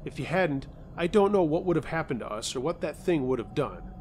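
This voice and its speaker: A man voicing a young woman who gently comforts her friend. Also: a little high, lively intonation, a little fast, a little hiss or hum, natural voice. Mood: comforting.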